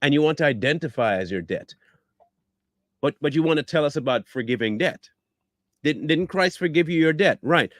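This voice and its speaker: A man's voice: on the high side, animated, normal speed, no room sound, studio quality. A man giving combative reaction commentary, blunt and scornful, firing rhetorical questions and repeating himself for emphasis. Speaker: online commentator.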